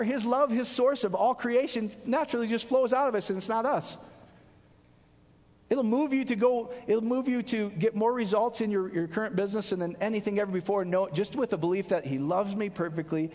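A man with a high voice preaches a casual sermon. His delivery is animated and conversational, full of asides and jokes. The sound rings with a long hall reverb. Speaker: pastor. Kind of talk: casual sermon to a small group.

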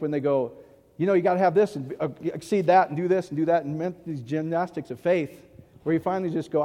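A man's voice: high voice, mellow, big-room sound, dull audio. A man preaching a sermon in an emphatic way, often checking that the audience agrees. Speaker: pastor.

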